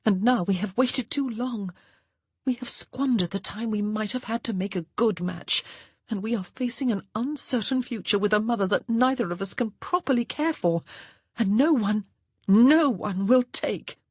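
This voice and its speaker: A woman voicing an anxious young sister who argues urgently, her voice rising high. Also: expressive, normal speed, breathy edge, no echo, clean studio sound.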